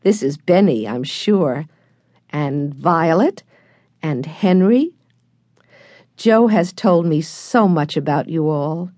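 A woman's voice: low-pitched, lively intonation, takes it slowly, long pauses, warm tone, no room sound. Smiling young woman, as a woman reads her. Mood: friendly.

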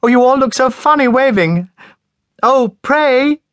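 A woman's voice: animated, a little slow, dry recording. A man doing a giddy laughing young widow. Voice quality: high, breathless laughter.

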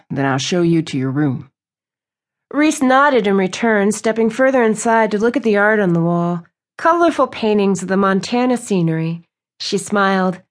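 A woman reading a romance novel aloud as an audiobook narrator. Her storytelling is smooth and even. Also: medium pitch. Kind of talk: scripted narration.

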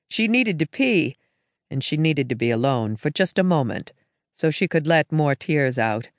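A woman narrating a science fiction audiobook in a measured, even storytelling manner. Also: low voice, dry recording, clean studio sound.

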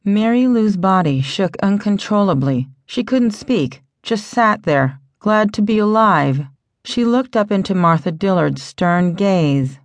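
A woman narrating an audiobook in a steady, dramatic storytelling manner. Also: medium pitch, a little slow, no room sound. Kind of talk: scripted narration.

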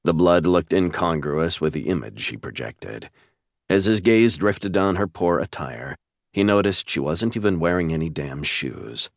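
Male audiobook narrator, measured storytelling, extremely deep voice, dry close studio sound. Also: lively intonation, dry recording.

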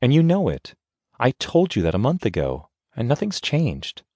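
A man's voice: medium pitch, huge pitch swings, normal speed, darkish tone, dry recording, voice pushed up. A man narrating an audiobook voices a resentful, nervous young wife who speaks in a clipped way through gritted teeth. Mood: indignant.

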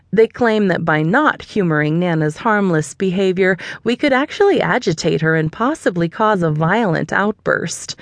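A woman's voice: fairly low pitch, no echo. A woman reading a first-person audiobook with a wry, lightly amused storytelling manner. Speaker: audiobook narrator.

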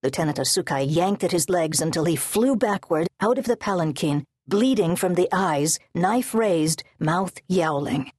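A woman narrates an audiobook in measured, steady prose. Her voice sits low and carries a husky, breathy edge. The recording is close and dry, with no room around it. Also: no room sound. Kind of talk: scripted narration. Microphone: close studio mic.

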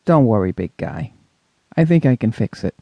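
A man's voice: lowish voice, sing-song, moderate pace, vocal fry, no room sound, dull audio, voice pushed down, heavily acted. A man voicing a patient young father, kind and reassuring. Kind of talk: audiobook character voice.

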